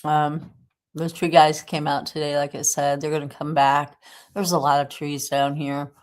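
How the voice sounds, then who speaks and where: A woman's voice: deep voice, level tone, moderate pace. A woman with a Southern US accent hosting a casual livestream at home, congested from a cold, chatty and rambling with lots of ums. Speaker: livestream host. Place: indoors at home.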